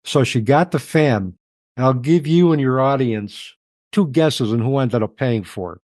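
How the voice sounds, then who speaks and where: A middle-aged man tells personal stories as an interview guest in a dry recording. His medium-pitched voice is animated and a little mellow, yet he is reflective, halting, and emotional at times.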